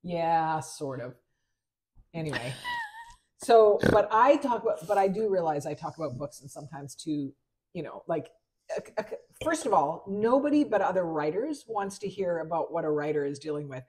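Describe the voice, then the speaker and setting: A woman with a slightly low voice co-hosts a relaxed chat over wine. She tells her stories with energy and slips into the voices of the people she quotes. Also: normal speed. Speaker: podcast co-host and novelist.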